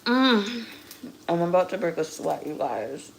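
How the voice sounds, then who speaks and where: A young woman with a lowish, sing-song voice and a slightly slow pace hosts a casual cooking livestream from her kitchen at home. She's chatty and blunt and swears casually, and the audio carries a roomy kitchen echo with faint background noise.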